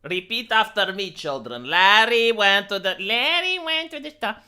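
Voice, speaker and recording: A man mimicking a slow, overly deliberate male language teacher drilling a class. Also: high-pitched, very animated, sharp tone, clear, resonant tone, heavily acted.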